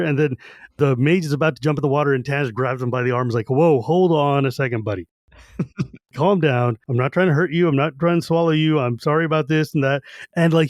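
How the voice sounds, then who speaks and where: A man co-hosting a podcast, recapping a book in casual chat and acting out the characters in quick quoted bits. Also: fairly high pitch, no echo. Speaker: podcast co-host.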